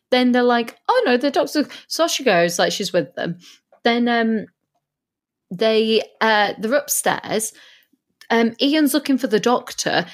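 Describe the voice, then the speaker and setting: A woman co-hosts a casual podcast chat, laughing often and breaking into funny character voices. Her pitch swings widely, up and down, as she tells the story. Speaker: podcast co-host.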